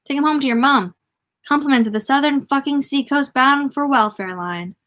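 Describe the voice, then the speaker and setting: A woman voicing a rowdy drunken male trainman shouting taunts in a storybook reading. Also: sits high, normal speed, pitched above the performer's own voice. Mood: jeering.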